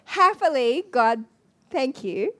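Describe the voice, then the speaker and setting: A middle-aged woman with a high voice, preaching from the pulpit. She tells her story with lively, self-mocking animation. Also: slow. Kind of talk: storytelling sermon.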